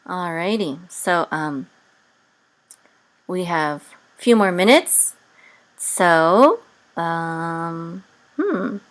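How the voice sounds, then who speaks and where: Teacher: a woman with a lowish voice, unhurried and patient, pausing often, breaking into sung chant, on a video call. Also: animated. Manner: patient, hesitant with many ums, chants words in a sung tone. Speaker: Hebrew teacher. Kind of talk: online class teaching Hebrew reading and chanting.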